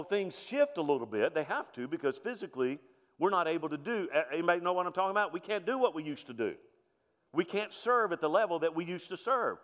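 A middle-aged man preaching a sermon as pastor, rising to emphatic points and dropping low and soft to tell stories. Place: church sanctuary. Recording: long reverb of a church sanctuary.

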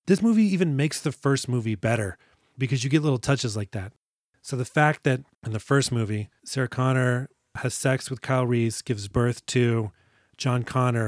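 A man's voice: medium pitch, no echo, clean studio sound. A man co-hosting a casual movie podcast, recapping scenes in a jokey, profane way and acting out lines. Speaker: podcast co-host.

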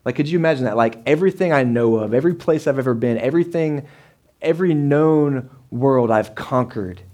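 A man's voice: medium pitch, fairly quick, a little mellow. A man in his thirties, a pastor preaching a sermon in a church, talking casually and turning to the congregation with asides. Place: church sanctuary.

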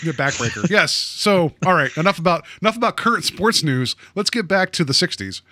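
A man's voice: high voice, lively intonation, fairly quick, bright, forceful tone, dry recording, clean studio sound. A man co-hosting a podcast in casual chat, rambling along with lots of "like" fillers. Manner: rambling, filler-heavy with many "like"s. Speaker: podcast co-host.

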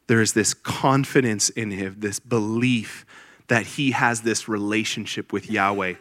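A man's voice: lowish voice, unhurried, fairly bright tone, dry recording, studio quality. A man preaching a sermon to a congregation, earnest and explanatory, with emphatic bursts and light teasing of his listeners.

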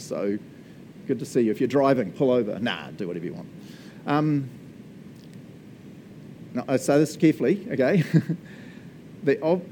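A man giving a laid-back New Zealand pastor's sermon in a warm, mellow mid-range voice, with a faint hum in the background. He talks like he's chatting with friends, cracking jokes at himself and laughing between points. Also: medium pitch. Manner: chatty, jokey, laughs often, says "eh" and "man". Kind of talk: conversational sermon.

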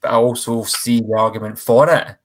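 A man's voice: mid-range voice, moderate pace. Rambling man. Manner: animated, rambling, self-interrupting. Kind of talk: casual chat.

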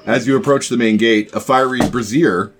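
A man's voice: mid-range voice, fairly even intonation, fast, background noise. A man running a tabletop game as game master, describing the scene with frequent fillers like "um" and "like".

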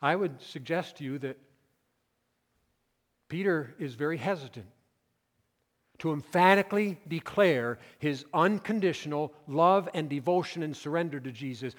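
A male pastor preaching a sermon, swinging between loud emphatic declarations and quiet asides. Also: a little high, lively intonation, moderate pace, long reverb tail.

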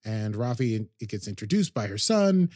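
A man's voice: fairly low pitch, big pitch swings, normal speed, darkish tone, no room sound, studio quality. A man hosting a podcast, recapping an episode in casual chat, rambling and hesitant with many ums and restarts. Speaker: podcast host.

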